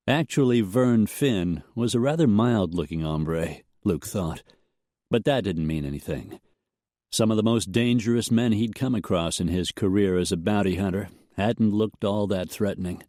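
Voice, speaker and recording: A man's voice: on the low side, moderate pace, warm tone, dry recording, clean studio sound. A man narrating a western audiobook in a storytelling manner.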